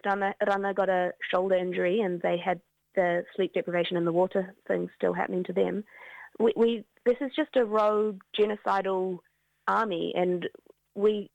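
A woman, giving an earnest, halting news interview as an activist, with many restarts. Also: mid-range voice, gravelly, a little mellow, no echo. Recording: dull lo-fi dry sound.

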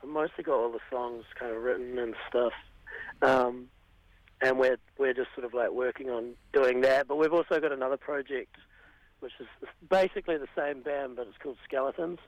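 A man with a New Zealand accent, a band singer, talking casually and hesitantly, his voice a bit raspy after a gig. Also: medium pitch, normal speed, low-quality recording. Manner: hesitant, lots of ums and trailing off. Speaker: band singer, interview guest. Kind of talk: casual phone-in radio interview.

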